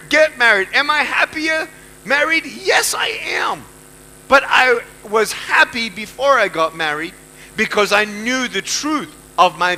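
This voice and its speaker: A man's voice: very high-pitched, sharp tone, a little hiss or hum, rough recording. A man giving a motivational speech to a live audience, emphatic, repeating key phrases and putting questions to the listeners. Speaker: motivational speaker.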